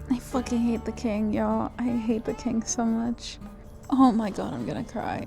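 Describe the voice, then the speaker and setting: Woman, book vlogger, fairly high voice, gravelly edge, emotional reactions, swearing, rambling asides. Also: level tone, measured pace, over music. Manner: emotional, exclaiming and swearing at plot twists; rambling, thinks aloud with many fillers. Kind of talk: casual reading reaction vlog.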